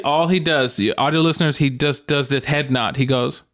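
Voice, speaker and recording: A young man co-hosting a podcast, telling stories in a relaxed, animated way and swearing casually. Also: mid-range voice, moderate pace. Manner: animated storyteller, swears freely. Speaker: podcast co-host. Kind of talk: casual chat.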